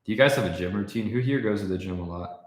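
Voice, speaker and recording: A man's voice: lowish voice, fast talker. A young man livestreaming, ranting casually and profanely while answering his chat. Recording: echoey room.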